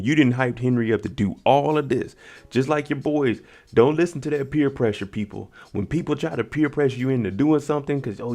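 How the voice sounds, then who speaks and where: A man's voice: mid-range voice, a little mellow. A man giving a casual, slangy recap of a TV episode and reacting to each scene as he goes. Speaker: TV recap vlogger.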